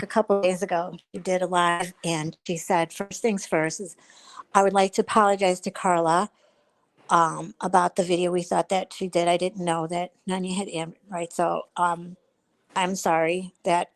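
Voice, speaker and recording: A woman's voice: fairly low pitch, level tone, moderate pace, rough recording. A woman hosting a live stream, chatting casually and retelling conversations in detail with quoted back-and-forth. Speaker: livestream host.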